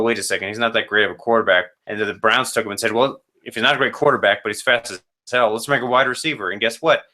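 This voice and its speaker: A man's voice: on the low side, bright, forceful tone. A man who runs a fantasy football league, casually rambling through matchup predictions with self-corrections and joking asides.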